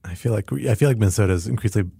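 A man's voice: lowish voice, racing, gravelly, dark tone, breathy edge, no room sound. A man hosting a podcast in a studio, introducing topics with playful wordplay and frequent laughs. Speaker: podcast host.

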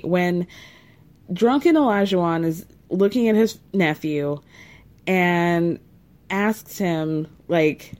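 A woman's voice: fairly low pitch, a little mellow. A woman hosting a podcast, recapping a reality show in a snarky, chatty way with many asides. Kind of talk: casual chat.

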